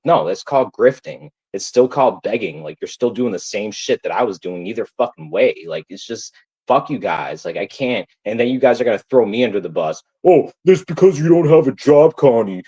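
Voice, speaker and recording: Pissed off guy cussing nonstop on his livestream, lowish voice. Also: a little mellow, slightly rough, poor audio. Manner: profane, heated and repetitive. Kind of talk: angry livestream rant.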